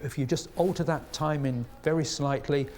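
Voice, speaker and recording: A man's voice: on the high side, fairly even intonation, normal speed, darkish tone, slight background noise. A man speaking as an expert in an interview, explaining things plainly with a few small restarts. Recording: interview with background music.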